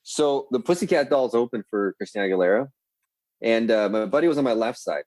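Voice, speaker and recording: A man's voice: medium pitch, fairly quick, no echo, low-quality recording. A man, a podcast guest telling rambling, profane stories in casual chat. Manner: profane, rambling, animated storyteller.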